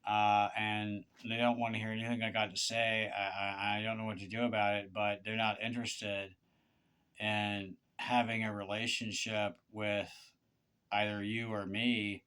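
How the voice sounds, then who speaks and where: Halting, aggrieved man with a smooth low voice. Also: flat delivery, a bit bright. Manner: halting, stammered restarts and repeated words; aggrieved, pleading. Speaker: vlogger. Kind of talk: confessional monologue addressed to one person.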